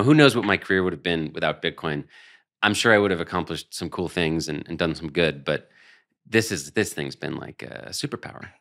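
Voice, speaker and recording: A man with a very low voice talks through his views as an interview guest. He is earnest and emphatic, restarting phrases as he goes. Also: a bit bright. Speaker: interview guest, human rights strategist. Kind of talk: conversational interview.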